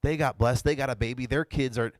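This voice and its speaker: A man's voice: medium pitch, fairly even intonation, brisk, dry recording. A man pastor giving a casual, conversational sermon and retelling the story in his own words. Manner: conversational, playfully voices the characters he quotes.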